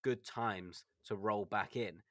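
A man's voice: lowish voice, takes it slowly, dry recording, studio quality. A man co-hosting a football podcast, thoughtful and hesitant, full of fillers. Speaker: podcast co-host. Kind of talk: casual chat.

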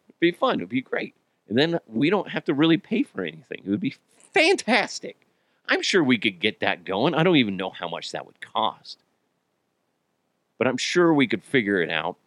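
A man's voice: medium pitch, fairly bright tone, no room sound, clean studio sound. A man hosting a casual solo podcast, rambling and joking at his own expense, swearing freely and laughing often while he's a bit sick. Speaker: podcast host.

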